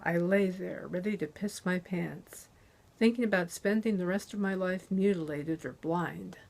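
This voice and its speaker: Woman author, slow and deliberate reading of her crime novel, close on a dynamic mic. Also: fairly low pitch, darkish tone. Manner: measured, deliberate narration. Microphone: close handheld dynamic USB mic.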